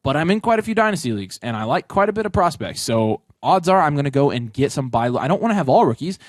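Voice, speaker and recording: Fast-talking, emphatic man. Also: on the high side, sing-song, no room sound, studio quality. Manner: emphatic, rapid advice-giving. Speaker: podcast co-host. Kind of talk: casual chat.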